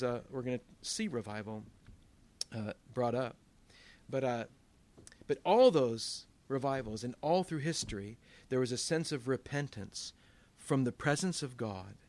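A man, a pastor, preaching a sermon in a conversational way, with asides and quick backtracks. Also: mid-range voice.

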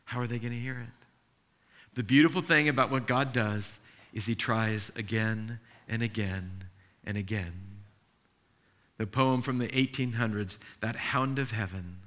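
A middle-aged male pastor preaching a sermon, telling stories in an animated, earnest and emotional way and acting out the dialogue. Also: fairly low pitch, a little slow.

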